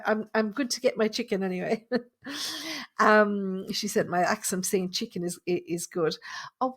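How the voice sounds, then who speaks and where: Chatty Irish woman hosting a live stream. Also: mid-range voice. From Ireland. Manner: chatty, greets viewers and reads the chat aloud. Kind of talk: casual live-stream chat. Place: at home at her computer.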